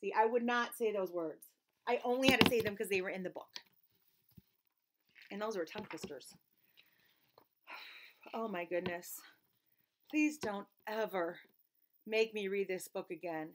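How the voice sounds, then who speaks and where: A woman's voice: medium pitch, unhurried, long pauses, background noise. A woman teacher reading a children's book aloud, playful, with exaggerated mock protests and silly sounds.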